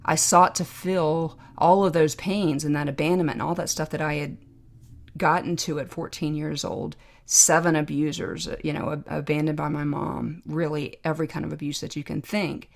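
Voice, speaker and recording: A middle-aged woman hosting a podcast, telling a personal story in a reflective, emotional way with pauses. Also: low voice, flat delivery, gravelly. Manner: reflective, emotional, pausing to remember. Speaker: podcast host, trauma doctor.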